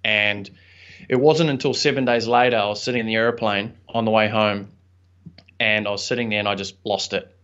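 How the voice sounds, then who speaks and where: A man's voice: fairly low pitch, steady tone, brisk, fairly bright tone. A young man, a podcast guest and entrepreneur, telling a personal story in an earnest, reflective, chatty way with some fillers. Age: young adult. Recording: slightly dull lo-fi audio.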